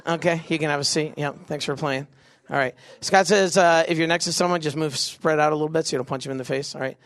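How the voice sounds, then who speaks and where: A young man leading a big youth crowd through a game, joking and doing quick silly voices. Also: a little high, steady tone, fairly bright tone. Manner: goofy, quick asides, acts out voices. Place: event venue with a live audience.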